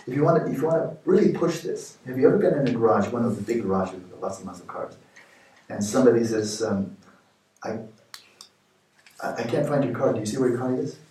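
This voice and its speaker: A man in his sixties giving a meditation retreat talk, explaining with playful everyday examples and sudden lively jumps in pitch. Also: brisk, slight background noise. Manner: animated, playful examples, rising pitch for jokes. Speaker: meditation teacher. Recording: echoey hall from far off.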